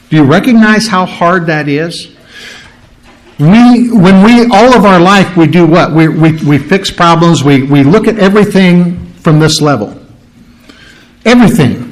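A man's voice: sits high, poor audio. A man preaching a conversational Bible-study sermon, full of rhetorical questions and restarts. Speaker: pastor.

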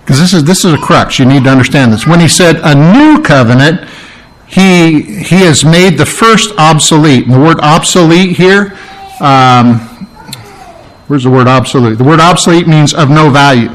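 A male pastor delivering a sermon with a slightly high-pitched voice. He talks emphatically, repeating his key phrases and stopping to unpack the meaning of words. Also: moderate pace, rough recording.

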